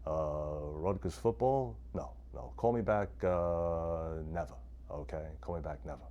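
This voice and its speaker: A man doing a low, curt impression of a radio host brushing off a caller. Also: unhurried, mellow, muffled recording. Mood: dismissive. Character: gruff dismissive male radio host.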